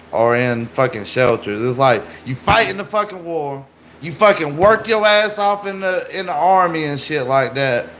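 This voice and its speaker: A man's voice: medium pitch, a bit bright, a little hiss or hum. A man livestreaming, chatting casually and joking profanely with his viewers.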